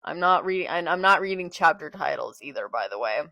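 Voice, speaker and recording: A young woman reading a manga aloud and reacting with excitable, exasperated outbursts. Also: low voice, a little fast, vocal fry, no echo. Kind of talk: live read-along reaction.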